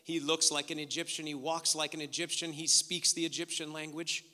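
A high, very bright male voice preaches a sermon, dropping to near-hushed asides and then rising to emphatic peaks. His words ring out with a long hall reverb behind them. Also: little pitch movement, brisk. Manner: preaching with dramatic swings from hushed to loud. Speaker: pastor.

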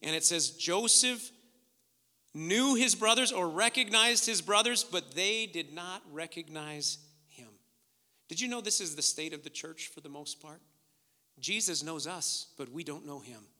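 Bright-voiced preacher man in a hall. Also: a little high, lively intonation, a little slow. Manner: preaching with dramatic swings from hushed to loud. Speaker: pastor. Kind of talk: sermon.

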